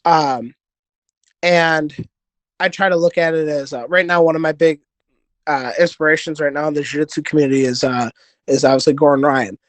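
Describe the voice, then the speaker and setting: Brief: male guest, slightly higher voice, dry close sound, earnest and rambling. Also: fairly even intonation, moderate pace, no room sound. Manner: rambling, earnest storytelling with many fillers. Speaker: podcast guest, jiu-jitsu competitor. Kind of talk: casual conversation.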